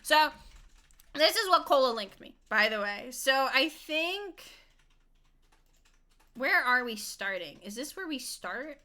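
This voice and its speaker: A woman's voice: high voice, sing-song, slow pace, pauses often, bright, forceful tone, poor audio. A young woman streaming a video game, chatting casually, laughing often, swearing freely and joking about herself. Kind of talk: casual gameplay commentary.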